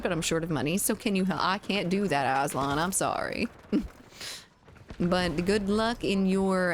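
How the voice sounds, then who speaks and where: With slight background noise behind her lowish voice, a woman chats casually with viewers while streaming a shooter game. She reads their messages out and laughs often.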